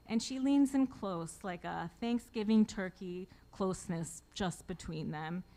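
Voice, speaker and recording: A woman's voice: mid-range voice, unhurried, hardly any pauses, warm tone. A woman in her forties, an author telling a personal story live to an audience with wry, self-deprecating humor, often laughing at her own jokes.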